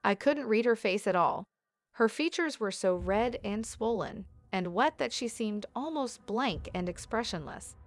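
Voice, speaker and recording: A woman's voice: on the high side, animated, unhurried. A woman reading a horror story aloud as scripted narration, lightly voicing the quoted lines.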